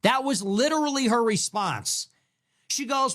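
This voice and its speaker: A man's voice: high voice, sing-song, moderate pace, a bit bright. A man giving ranting livestream commentary on politics, sarcastic and incredulous, mocking what he quotes.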